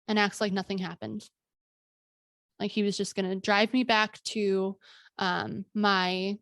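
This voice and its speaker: A woman podcast host telling her own story in an earnest, candid monologue, halting often with fillers and restarts. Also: medium pitch, fairly bright tone, no room sound, studio quality.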